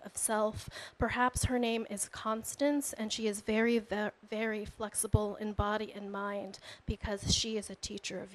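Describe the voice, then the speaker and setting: A woman poet giving a measured, expressive reading of her own prose poetry. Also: fairly high pitch, low-quality recording. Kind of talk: literary reading.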